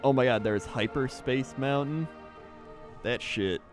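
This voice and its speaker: A man's voice: medium pitch, measured pace, music in the background. A young man streaming, telling a rambling story in casual chat and laughing often.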